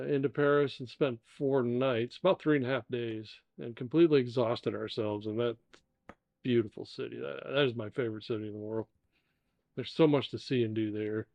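An older man from the United States chats on a podcast, wandering through travel stories with plenty of "you know" and "uh". His voice sits at a middle pitch. The recording is dry and a little dull. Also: normal speed, gravelly, no room sound. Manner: easygoing storyteller with fillers. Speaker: co-host, the father. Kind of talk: casual podcast chat. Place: indoor dining room.

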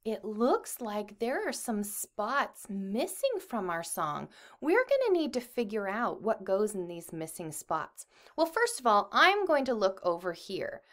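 A woman music teacher leading a children's lesson, speaking slowly and encouragingly to the kids. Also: medium pitch, wildly swooping pitch, fairly bright tone. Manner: slow, encouraging, addresses children.

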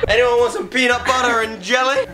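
A man's voice: extremely high pitch, echoey room. A young man hosting a casual taste-test vlog with friends, playful and giggly. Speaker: vlogger host.

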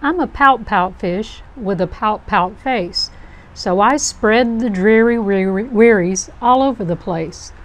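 A woman's voice: mid-range voice, slow pace, natural voice. A woman voicing a gloomy, pouting male fish in a storybook, chanting his rhymes in a mopey sing-song. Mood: glum.

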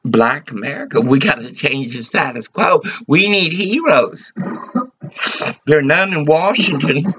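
A man's voice: a little high, lively intonation, measured pace, a bit bright, breathy edge. A man delivering an agitated, rambling, profane rant to the camera. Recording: dull lo-fi recording.

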